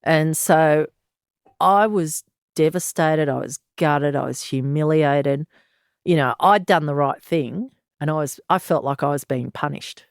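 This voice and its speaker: An Australian woman in her sixties, a former police detective, tells her story as an interview guest, frank, blunt and earthy, with sighs and laughs. Her voice is low and a little slow, recorded in clean studio sound with no room sound.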